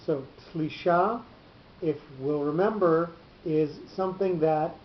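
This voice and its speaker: Man teaching a class in a roomy space. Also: fairly high pitch. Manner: measured, patient explaining with many pauses. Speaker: teacher of Torah cantillation. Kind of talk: classroom lesson, explaining. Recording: roomy, dull, slightly noisy recording.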